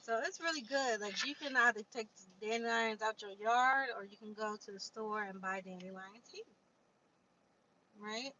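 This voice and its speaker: Woman, livestream host, reads aloud and answers comments, bright tone, faint hiss. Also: on the high side, moderate pace. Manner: chatty, reads aloud from a book, talks to viewers. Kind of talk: casual livestream chat reading viewer comments. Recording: dull lo-fi stream audio with faint noise.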